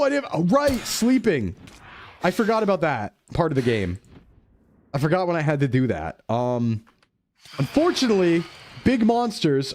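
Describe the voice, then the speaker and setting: A young man chatting casually while streaming a game, playful and quick to drop into goofy voices. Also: mid-range voice, darkish tone. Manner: playful, jumps into goofy voices and dub impressions. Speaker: VTuber streamer. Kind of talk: casual gaming chat.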